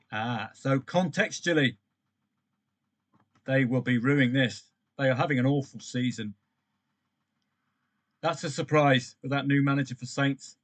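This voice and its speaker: A man runs a live stream on football trading. He chats along as matches unfold and calls on viewers by name. His voice sits a touch high for a man. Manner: chatty, animated, addresses viewers by name.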